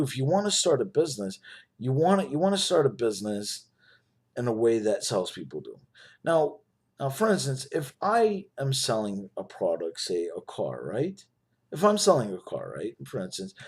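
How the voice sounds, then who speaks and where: Husky guy pitching a business to camera, lively up-and-down voice, keeps saying right?. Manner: persuasive, repeats "right?" and "you know". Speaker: network marketing promoter. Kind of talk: casual sales pitch to camera.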